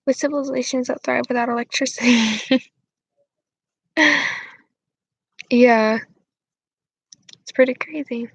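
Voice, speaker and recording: A woman's voice: sits high, fairly even intonation, takes it slowly, gravelly, long pauses, husky, no room sound, low-quality recording. A young woman hosting her channel, chatting casually with viewers in a rambling, giggly way full of fillers.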